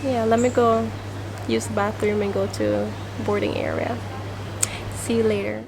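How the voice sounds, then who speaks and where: A woman's voice: medium pitch, steady tone, moderate pace, background noise. A woman from Jamaica talking casually to her camera in an airport terminal, chatty and full of fillers. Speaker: vlogger.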